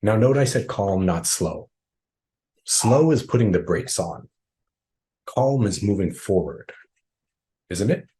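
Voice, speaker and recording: A man's voice: low voice, sing-song, slow pace, long pauses, mellow. A man trainer answering questions in a live online workshop, explaining conversationally and often checking in with "right?" over a video call.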